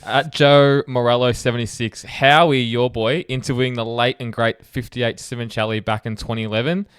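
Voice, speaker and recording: A young man chats casually as a podcast co-host, reading out listener comments and dropping the odd swear word. His voice comes across smooth and resonant, recorded close and dry. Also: mid-range voice, fairly even intonation, moderate pace, fairly bright tone, no echo. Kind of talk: casual chat.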